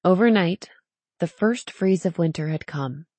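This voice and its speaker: A woman narrating an audiobook with a dark, mellow tone and a husky edge. She keeps a steady, measured storytelling pace, recorded close on the mic in a dry, dead room. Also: on the low side, dry recording. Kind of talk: scripted narration.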